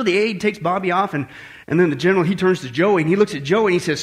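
An animated male pastor delivers a sermon to his congregation. His voice sits high and bright, and he moves from teasing jokes to forceful, repeated warnings. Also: fast. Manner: animated, joking, emphatic repetition.

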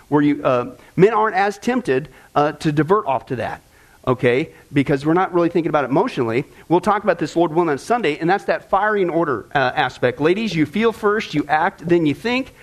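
Man, middle-aged, pastor, high voice, Bible teaching, storytelling, many fillers, keeps asking "right?". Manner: anecdotal, with frequent fillers and repeated words; checks in with listeners, asking "right?" and "okay?".

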